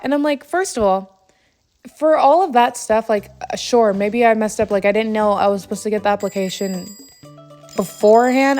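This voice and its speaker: A young woman vlogger telling a story in a long, exasperated, rambling rant full of fillers while she plays a game. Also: mid-range voice. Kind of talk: casual late-night gaming rant. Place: home, at night.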